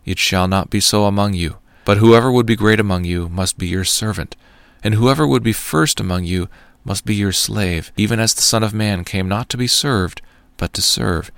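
Jesus, a calm teacher, as a man reads him. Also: lowish voice, moderate pace, gravelly, clear, resonant tone, no echo. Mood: solemn teaching.

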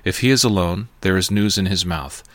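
Grieving old king, deep, dry and solemn; man reads it. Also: fairly bright tone, no room sound. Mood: steady. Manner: solemn, measured reading.

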